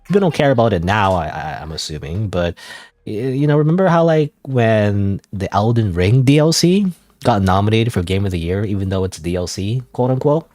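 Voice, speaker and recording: A man's voice: fairly low pitch, animated, moderate pace, darkish tone, dry recording, clean studio sound. A man chatting casually on a gaming livestream, rambling and second-guessing himself with lots of fillers. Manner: rambling, self-doubting, frequent fillers and laughs. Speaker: streamer.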